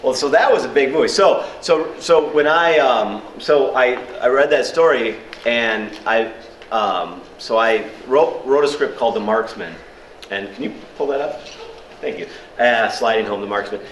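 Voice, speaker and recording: A man telling lively anecdotes to a workshop audience, chuckling and using many fillers. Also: medium pitch, normal speed, a little hiss or hum. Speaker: speaker at a screenwriting workshop. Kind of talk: storytelling talk to an audience. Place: workshop room at a film festival. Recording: echoey room with faint ambience.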